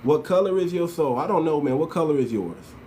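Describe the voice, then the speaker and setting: A man's voice: a little high, animated, fairly quick, warm tone, a little hiss or hum. A man from the United States hosting his channel with impassioned political commentary, slangy and emphatic, repeating his points as he talks straight to his viewers. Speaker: channel host.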